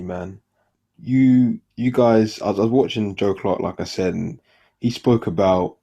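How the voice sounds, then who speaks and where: A man's voice: sits low, dark tone, breathy edge. A man hosting a podcast, talking in a laid-back, casual interview manner and often calling his guest "man". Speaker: podcast host.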